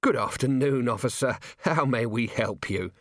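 A man voicing a nervous, flustered gentleman in an audiobook, hesitant and overly polite. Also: mid-range voice, lively intonation, normal speed, dry recording, studio quality, natural voice. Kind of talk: audiobook character voice.

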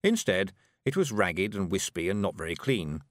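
A man reading an audiobook in an expressive storytelling manner. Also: deep voice, normal speed, dry recording, studio quality. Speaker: audiobook narrator. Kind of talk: scripted audiobook narration.

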